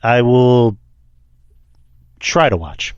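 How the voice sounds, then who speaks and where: A man hosting a casual Q&A podcast, talking in a halting way with many fillers and restarts. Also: mid-range voice, smooth, no echo, lo-fi sound. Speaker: podcast host. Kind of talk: casual Q&A chat.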